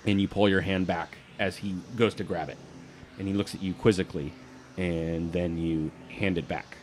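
Low-voiced male game master. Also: normal speed. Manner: lively narration, laughs along. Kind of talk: narrating a tabletop game.

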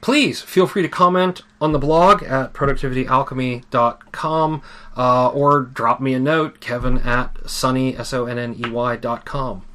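A man's voice: mid-range voice, fairly even intonation, moderate pace, pushed and bright. A man hosting a podcast in casual chat, rambling with many fillers and restarts. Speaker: podcast host.

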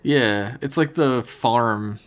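A man's voice: mid-range voice, slow. A man co-hosting a podcast in casual chat, loose and profane as he reads listener emails. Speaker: podcast co-host.

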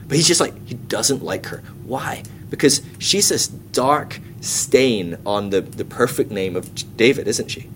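A man leading a Bible study class in a casual, chatty way, full of comic asides and quick acted-out quotes. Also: medium pitch, lively intonation, a little hiss or hum.

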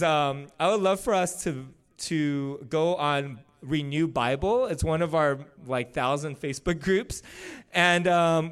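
A man preaches to his congregation in a relaxed, conversational way, often slipping in casual fillers. His voice sits a little high for a man and comes across smooth and clear. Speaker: pastor. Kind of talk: sermon. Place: church service.

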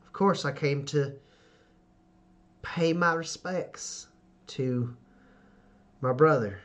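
A man voicing a stiff, timid young woman warrior who is a dutiful daughter, with a hesitant, halting, deferential manner. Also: on the high side, a bit bright.

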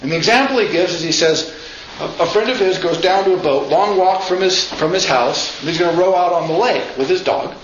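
A man with a high voice gives an informal, chatty lecture a little fast, often asking "right?" and acting out quotes. The room is echoey, the sound slightly dull, with faint noise.

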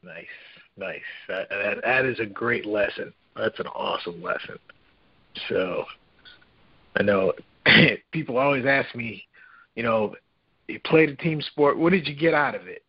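A man's voice: lowish voice, measured pace, breathy edge, dry recording, lo-fi sound. A man hosting a casual podcast interview, affirming his guest and asking questions. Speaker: podcast host.

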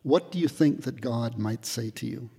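A man giving a spiritual retreat talk in a hall, reflective and gently humorous, pausing often with fillers. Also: mid-range voice, creaky, husky. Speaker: retreat speaker.

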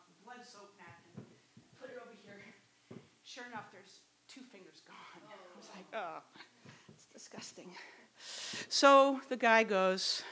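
A woman tells a story on a live stage before an audience, her voice bright and forceful. She is animated and swears freely, and she acts out every quoted line. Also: a little high.

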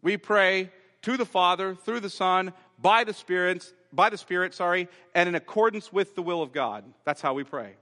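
Guy preaching a sermon, bright forceful voice, long church reverb. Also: high voice, normal speed, few pauses. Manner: earnest, building to raised emphatic preaching. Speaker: pastor. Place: church sanctuary.

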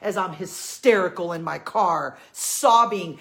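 A woman's voice: mid-range voice, takes it slowly, creaky. A woman giving a heartfelt faith talk to her women followers, earnest and pleading, repeating her key lines for emphasis. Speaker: Christian women's encourager.

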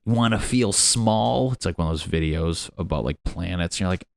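A man's voice: low voice, flat delivery, quick pace, creaky, a little mellow, dry recording, studio quality. A young man hosting a casual solo podcast, rambling and swearing, laughing at his own jokes. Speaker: podcast host.

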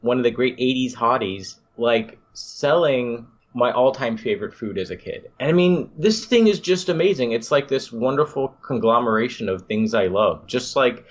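Man, podcast host, casual rambling chat, mid-pitched voice, muffled lo-fi audio. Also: lively intonation, normal speed, hardly any pauses. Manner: enthusiastic, rambling, nostalgic.

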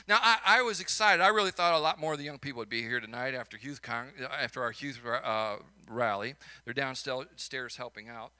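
A man's voice: medium pitch, brisk, hardly any pauses, bright, forceful tone, smooth. A man with a Chicago accent, a minister preaching a sermon and telling stories, building to emphatic peaks between folksy asides.

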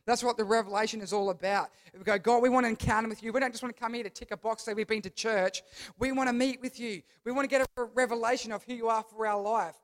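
A man with a high voice preaches to a youth group. He is emphatic and keeps repeating key phrases. Now and then he asks the crowd to say words back to him. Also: fairly even intonation, quick pace. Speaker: youth pastor. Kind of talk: sermon.

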